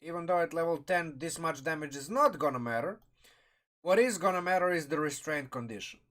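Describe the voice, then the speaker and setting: Brisk and fairly bright, his high-leaning voice comes through food as he chews while chatting on stream. He's giving a loose, meandering review of a game sourcebook, musing out loud and starting over now and then.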